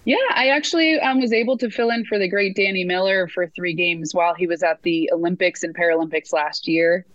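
A woman who works as a sports announcer, telling lively stories in a casual interview, full of fillers and restarts. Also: on the low side, fairly quick, hardly any pauses, no room sound, dull audio.

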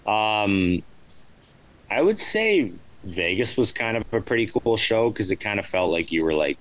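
A man in his thirties, a veteran hockey player, answering interview questions in a relaxed, rambling way, often tagging on "right?". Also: lowish voice, unhurried, rough recording. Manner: laid-back, rambling, frequent "right?" and "you know". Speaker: professional hockey player, guest.

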